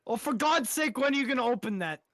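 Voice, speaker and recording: A young man co-hosting a casual football chat, teasing his friend and jumping in with quick remarks. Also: extremely high pitch, lively intonation, a bit bright, no room sound, studio quality. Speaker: podcast co-host.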